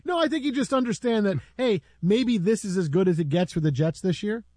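A man's voice: high-pitched, animated, a little fast, a little mellow, dry recording. A man hosting a sports radio show, chatting playfully with his co-host and laughing often. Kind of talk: casual studio banter. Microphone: studio microphone.

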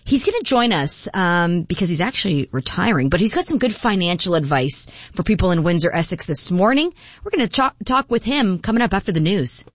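A woman's voice: fairly low pitch, animated, brisk, no room sound. Morning radio host, woman, casual and laughing, reading texts in a dry, slightly muffled studio sound. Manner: chatty, laughing, with frequent fillers.

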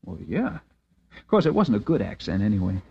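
A cool, wry American adventurer in a vintage radio play. His voice is husky and swings through a lively range. The sound is muffled and lo-fi. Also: lowish voice, brisk, full character voice. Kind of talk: old-time radio drama acting. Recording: dull lo-fi vintage radio broadcast.

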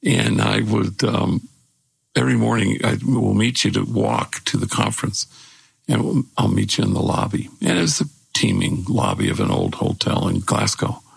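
An older man with a gravelly, husky voice, telling stories in casual conversation as a guest and lifting his voice when he quotes people. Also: lowish voice, moderate pace, no echo. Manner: animated when acting out quotes. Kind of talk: conversational storytelling.

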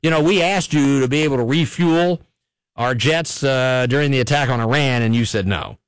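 A man's voice: mid-range voice, moderate pace, clean tone, no echo. A man hosting a local radio talk show, rambling and wry as he comments on the news. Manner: rambling, wry, chuckling at his own jokes. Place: radio studio. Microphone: studio microphone.

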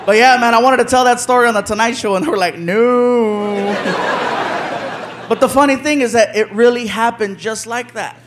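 A stand-up comedian telling a story on stage, animated and laughing as he acts it out. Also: very high-pitched, fairly quick. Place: comedy stage before an audience. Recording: live club with loud crowd noise.

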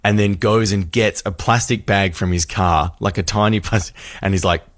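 A man, co-hosting a radio show and telling a story with lively acted-out voices. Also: fairly low pitch, moderate pace, hardly any pauses, no room sound, clean studio sound. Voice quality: animated storyteller, acts out voices. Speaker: radio co-host. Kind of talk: casual radio banter, storytelling.

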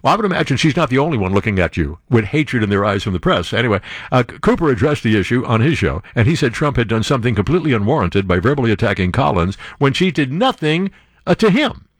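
A man reading news items and cutting in with sarcastic remarks, his voice swinging widely and jumping up high when he exclaims. The sound is dry and close, with little room around it. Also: fast talker, no echo. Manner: animated, sarcastic asides, jumps to high exclamations. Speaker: show host reading and commenting on news. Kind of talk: casual political commentary.

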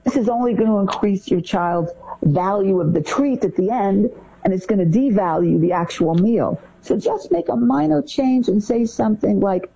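A woman co-hosting a talk show and giving animated parenting advice, acting out what parents say. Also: normal speed, vocal fry, slightly rough, dull audio. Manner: animated, acts out parent phrases in a higher voice.

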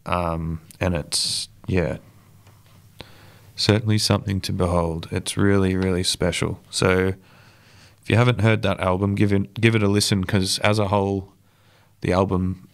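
A young man presenting songs on music radio in a relaxed, rambling way, with lots of ums. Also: deep voice, clean tone. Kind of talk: casual music radio links.

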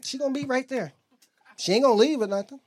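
A young man doing a stand-up comedy set in a comedy club, telling loose, profane stories with quick asides to the crowd. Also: very high voice.

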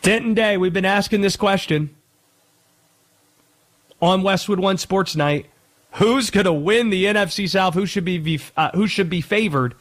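A man's voice: sits high, moderate pace. A man hosting sports talk radio, making his points with punchy emphasis.

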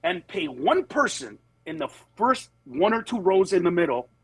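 Man, comedian, husky, high lively voice, storytelling, dry close mic. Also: normal speed, dry recording, rough recording. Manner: animated storyteller, acts out voices with big pitch jumps. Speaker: comedian guest. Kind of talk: candid podcast conversation.

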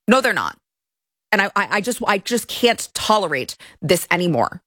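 A woman's voice: mid-range voice, lively intonation, normal speed, a bit bright, no room sound. Woman from Texas, show host, indignant rants with stammered restarts, dry close sound. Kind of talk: opinionated commentary.

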